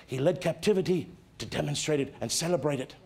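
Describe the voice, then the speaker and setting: A male pastor preaching a sermon, dramatic, swinging from loud exclamations to hushed tones. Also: a little high, quick pace, creaky.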